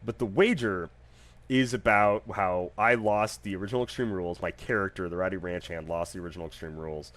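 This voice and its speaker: A man hosting his own podcast, telling stories in a casual, animated, jokey way with plenty of fillers. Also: deep voice, fairly quick. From United States. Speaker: podcast host. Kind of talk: casual solo podcast storytelling.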